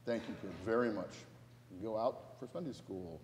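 A man's voice: fairly low pitch, normal speed, a crowd in the background. A man pastor giving a playful, interactive children's sermon, asking the kids questions and getting them moving. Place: large church sanctuary. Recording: echoey church hall.

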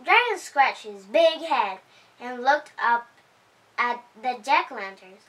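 Reading a picture book to children at home, this storytime host uses a high, bright voice with lively intonation that climbs and dips along with the tale. Her unhurried, cheerful delivery is picked up by a microphone set some way off.

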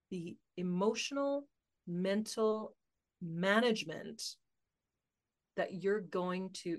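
Woman guest on a podcast, kinda low voice, chatty and laughy, quick bursts of talk. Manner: animated, laughs often, talks in quick bursts. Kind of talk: casual conversational storytelling.

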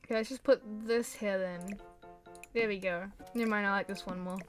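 A woman giving casual let's-play commentary, chatty and excitable, talking to the pets on screen. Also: medium pitch, a little fast, soft background music. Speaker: gameplay commentator.

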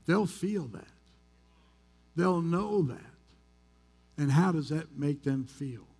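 A pastor from the United States preaching a sermon in a church, telling a story in a candid, conversational, self-deprecating way. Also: male voice, fairly high pitch, animated, slow, warm tone, breathy edge, faint music behind. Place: church sanctuary.

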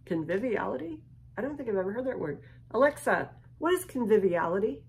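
A woman hosting a casual unboxing video, gushing and lingering over each item, sometimes dropping to a hush. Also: medium pitch, lively intonation, a little fast, gravelly. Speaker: unboxing vlogger.

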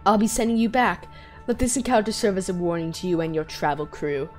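A woman voicing a sinister, calm male villain inventor, reading game dialogue aloud in a smooth, hushed, menacing tone. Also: medium pitch, brisk, soft background music, voice pushed down, close to an everyday voice.

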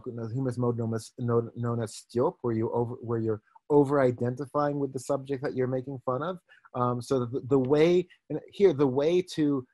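A man giving an online lecture as a professor, talking thoughtfully with many pauses and restarts. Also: mid-range voice, no echo. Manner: thoughtful, hesitant, with frequent fillers and restarts. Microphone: video call microphone.

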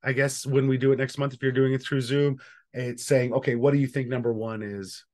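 Guy on a video call running a trainer session, mid pitch, lots of ums. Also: flat delivery, a little fast, a little mellow. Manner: casual, thinking aloud with fillers and restarts.

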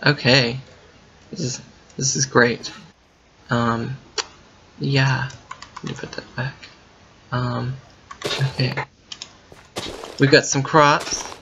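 A man commenting while playing a game, thinking out loud and breaking into excited yelps and gasps. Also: mid-range voice, extremely slow, vocal fry, long pauses, slight background noise. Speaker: gaming video creator. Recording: muffled lo-fi mic with faint keyboard typing.

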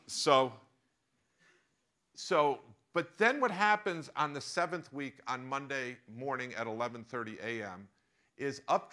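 An American man lecturing to a live room in storytelling mode, animated and anecdotal. His voice sits in a middle pitch and has a forceful, bright edge. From United States. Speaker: professor giving a masterclass.

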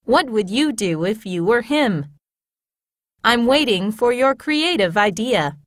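Woman, teacher-style reader of scripted classroom phrases; high, animated, unhurried, close dry studio sound. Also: dry recording. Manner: clear, measured teacher-like delivery. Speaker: narrator reading phrases.

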